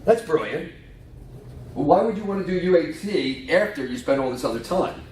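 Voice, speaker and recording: A man's voice: fairly high pitch, expressive, moderate pace, darkish tone. A man giving a conference talk, joking and quizzing the audience as he walks through his slides. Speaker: conference speaker. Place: conference room. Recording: echoey hall from far off, faint noise.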